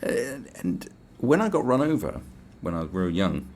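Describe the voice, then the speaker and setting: A man's voice: on the low side, moderate pace, slight background noise. A young man hosting a podcast, telling stories in a casual, swearing rant and acting out quotes. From England. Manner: animated, swearing, acts out quotes in raised voices. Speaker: podcast host.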